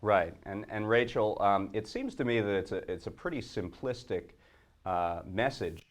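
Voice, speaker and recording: A man serving as guest co-host in a casual political discussion, measured and hesitant with many fillers. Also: fairly low pitch.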